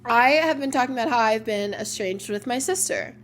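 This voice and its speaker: A woman's voice: on the high side, lively intonation, brisk, a little hiss or hum. A young woman hosting a casual personal podcast, talking openly and emotionally with lots of "like" fillers. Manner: chatty, open and emotional, many "like" fillers. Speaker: podcast host.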